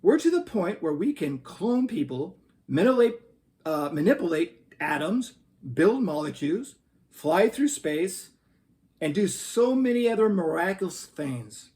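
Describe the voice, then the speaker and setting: A man's voice: high voice, sing-song, a little slow, darkish tone, recorded from a distance. A man voicing an overconfident scientist in a joke, brash and dismissive. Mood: cocky. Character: cocky, overconfident male scientist.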